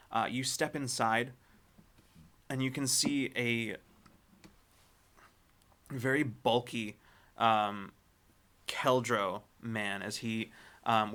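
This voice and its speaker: A man running a tabletop game as game master, narrating scenes in a descriptive, halting way with many fillers. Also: medium pitch, sharp tone.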